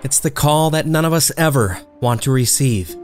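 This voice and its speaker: A man narrating a true-crime story in a measured, dramatic scripted delivery. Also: medium pitch, lively intonation, over music. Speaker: narrator and host.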